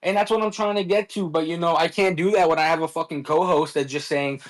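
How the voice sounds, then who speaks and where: Defensive man with halting speech. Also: a little high, fairly even intonation, poor audio. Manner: halting, defensive, many restarts. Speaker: co-host. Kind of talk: defensive casual chat.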